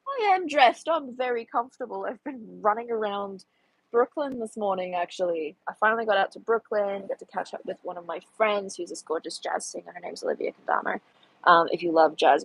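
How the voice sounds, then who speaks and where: A young woman hosting a casual live stream into a phone, chatting loosely and poking fun at herself. Her voice has a husky, slightly breathy grain. The sound is close and dry, with little room around it. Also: medium pitch, no room sound, rough recording. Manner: chatty, self-deprecating, reads chat aloud with laughs.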